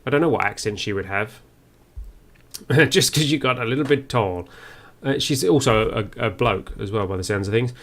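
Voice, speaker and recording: A man's voice: medium pitch, normal speed, a bit bright. A man giving first-play game commentary, musing aloud and reading on-screen text as he goes. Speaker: game streamer.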